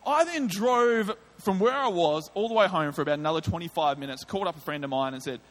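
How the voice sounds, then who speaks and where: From the pulpit, an Australian man delivers a sermon testimony, drifting into a story about his past. His voice is a little higher than most men's and a little fast, and he vividly acts out what he thought and said.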